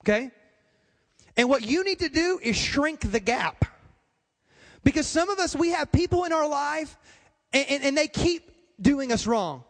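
A male pastor with a very high voice preaches to his congregation, stressing points by repeating them. His words ring out with long reverb in a church hall. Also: lively intonation, a little slow, pauses often, fairly bright tone. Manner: repetitive, emphatic, addresses the congregation. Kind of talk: sermon.

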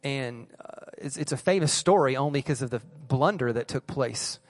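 A man's voice: medium pitch, moderate pace, long reverb tail. A man preaching a sermon as pastor, earnest and pleading, repeating phrases for emphasis. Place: church service.

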